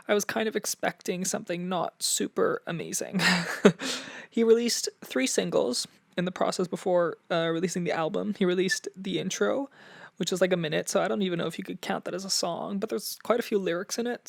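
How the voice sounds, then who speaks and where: A young man hosts a casual solo podcast reviewing music, his high voice marked by vocal fry and recorded dry with studio quality. He's slightly out of breath and a little nervous, chatting freely with lots of fillers and restarts.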